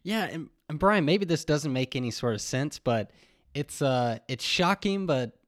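A man's voice: a little high, expressive, measured pace. An American man co-hosting a casual podcast, agreeing along and offering tentative thoughts. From United States. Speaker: podcast co-host. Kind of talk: casual chat.

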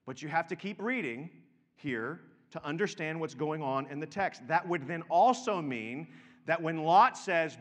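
A man's voice: on the high side, lively intonation, a little slow, fairly bright tone, in a large hall. A man preaching a sermon, stressing and repeating key words and checking in with his listeners through direct questions. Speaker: pastor.

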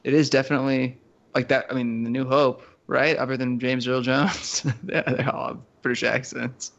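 A man chats casually on a podcast, rambling and animated, tripping over restarts. His voice has a gravelly fry. The recording sounds a little muffled. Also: medium pitch, normal speed. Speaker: podcast co-host. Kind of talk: casual chat.

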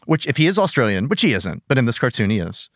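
A man hosting a casual cartoon review podcast, animated and joking, laughing often. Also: mid-range voice, fast, no echo, studio quality. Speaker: podcast host.

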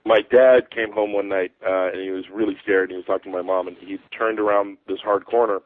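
A man's voice: fairly low pitch, steady tone, brisk. A man with an American accent, a comic book writer talking as a guest in a casual interview, rambling with many fillers and restarts. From United States. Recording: tinny phone line.

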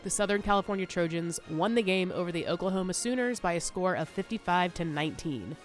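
A woman's voice: fairly low pitch, quick pace, faint music behind. A woman co-hosting a podcast in casual chat, talkative, with lots of fillers and laughter. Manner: chatty, laughs often, many fillers. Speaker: podcast co-host.

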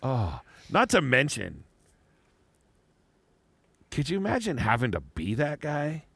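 A man co-hosting a casual comedy podcast, rambling and animated, with lots of "like" and laughter. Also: mid-range voice, takes it slowly, gravelly, slightly rough, dry recording. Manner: rambling, animated, frequent "like" and laughter, playful mock voices. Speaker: podcast co-host.

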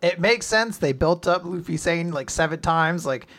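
Enthusiastic, fairly high-voiced man. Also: expressive, moderate pace, fairly bright tone. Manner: enthusiastic, profane asides. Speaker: podcast co-host. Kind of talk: casual chat recapping an anime.

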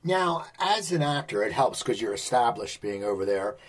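A man interviews a guest, asking long rambling questions. His voice has a husky, slightly rough edge. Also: mid-range voice, big pitch swings, normal speed. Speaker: interviewer, host.

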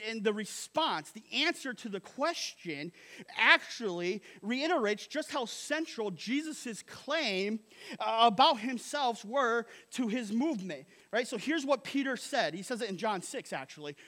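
A man's voice: extremely high pitch, pushed and bright. A male pastor preaching a sermon in an emphatic, casual way, repeating phrases and tagging lines with "right?". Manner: casual, slangy asides.

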